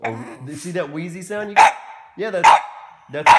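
Man, pet owner, mock-scolding, playful, very animated pitch, casual home video. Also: normal speed, long pauses, heavy background noise. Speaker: dog owner.

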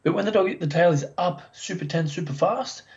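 A man's voice: sits high, fairly quick. Chatty man on a dull recording. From Australia. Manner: chatty, animated storyteller who acts out owners' voices. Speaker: dog behaviour expert guest. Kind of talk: casual podcast interview. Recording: dull lo-fi sound.

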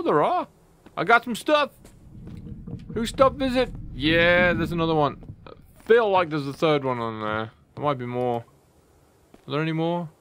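A man playing a horror game on video, thinking out loud, startling easily and swearing when scared, then thanking viewers. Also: on the high side. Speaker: let's play gamer.

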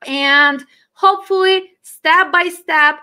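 A woman's voice: very high voice, slow pace, pushed and bright. A woman who hosts a trucking dispatch training channel, reading a viewer's letter aloud and talking to her students with heartfelt encouragement. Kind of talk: casual livestream talk to students.

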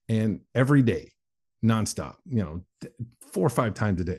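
A man's voice: on the low side, animated, moderate pace, dark tone, slightly rough. A man in his forties, a guest on an interview show, telling his life story candidly and acting out other people's voices. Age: 40s. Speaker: guest, motivational speaker.

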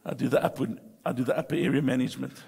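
A middle-aged pastor preaching a sermon, emphatic and humorous, moving between soft confiding talk and loud bursts. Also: male voice, medium pitch, fairly even intonation, rapid-fire, creaky, slightly rough. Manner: humorous storytelling. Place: church sanctuary. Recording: long reverb of a church hall.

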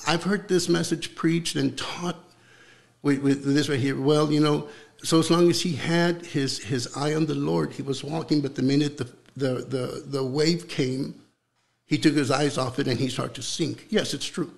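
A young man preaching with fervor in an interview, repeating words as he builds, then dropping to a hushed voice for prayer. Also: a little high, steady tone, moderate pace, gravelly.

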